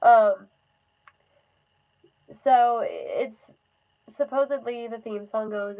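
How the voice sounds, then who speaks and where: A woman's voice: medium pitch, very animated, takes it slowly, long pauses, a little mellow, low-quality recording. A young woman chatting casually on a phone livestream, rambling with lots of fillers and frequent laughs. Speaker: livestream host.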